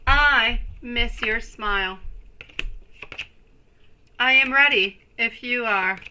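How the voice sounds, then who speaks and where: Slow, bright-voiced woman tarot reader. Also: on the high side, a little hiss or hum, poor audio. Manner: slow, soothing, affectionate toward viewers. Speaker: tarot reader hosting a live stream. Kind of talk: live-stream tarot reading.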